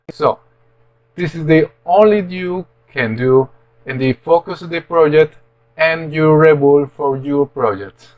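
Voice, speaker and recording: A man talking through a programming tutorial in a halting, hesitant way, with many pauses and restarts. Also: on the high side, muffled recording. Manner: halting, hesitant delivery full of fillers and restarts. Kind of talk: screen-recorded coding walkthrough.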